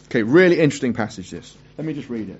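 A man preaching a sermon who asks his listeners questions and reads scripture aloud in a hushed voice. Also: medium pitch, very animated, fast, breathy edge. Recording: dull lo-fi recording.

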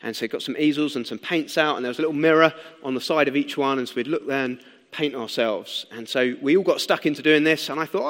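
A young man preaching a sermon in a conversational, animated way, asking the listeners questions as he explains and tells stories. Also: a little high, fast talker. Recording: long hall reverb.

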